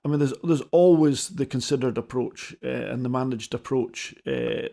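A man weighing in as a pundit on a casual panel, halting and restarting as he gives measured opinions. His mid-range voice has a gravelly, fry-laced edge. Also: medium pitch, dark tone.

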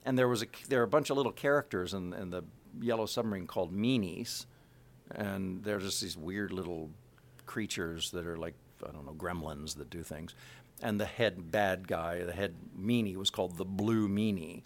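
A middle-aged male voice actor chatting in an interview, animated and full of fillers. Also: low voice, moderate pace. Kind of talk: casual interview chat.

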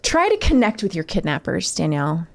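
A woman co-hosting a casual comedic podcast, reading out tips and joking, with frequent laughs and quick restarts. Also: fairly low pitch, creaky. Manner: animated, laughs often, talks in quick restarts. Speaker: podcast co-host.

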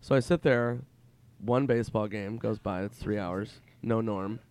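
A male comedian telling animated stories in casual chat, swearing freely. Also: lowish voice, a little slow, clear, resonant tone. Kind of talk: casual podcast storytelling.

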